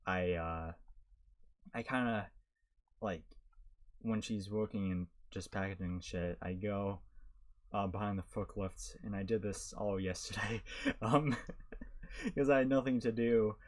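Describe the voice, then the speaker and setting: A man's voice: on the low side, measured pace, pauses often. A young man co-hosting a podcast, telling work stories in a rambling casual way with lots of fillers and laughter. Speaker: podcast co-host. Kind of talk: casual chat.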